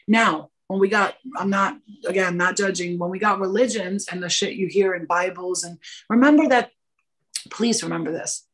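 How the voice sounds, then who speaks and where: A woman in her thirties, a podcast guest and energy coach, talking about spirituality in an animated, preachy and profane way. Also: medium pitch, normal speed. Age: 30s. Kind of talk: casual spiritual podcast talk.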